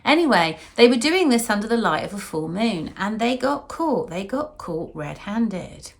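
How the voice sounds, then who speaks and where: Chatty woman with a gravelly voice. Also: medium pitch, very animated, moderate pace. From Wiltshire, England. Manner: chatty storytelling with fillers and asides. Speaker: singer-songwriter host. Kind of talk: casual chat to camera. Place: home kitchen, indoors.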